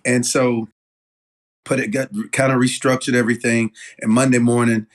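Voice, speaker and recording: A man, a business owner telling stories as an interview guest in a casual, animated way with lots of fillers and restarts. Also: mid-range voice, moderate pace. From Knoxville, Tennessee.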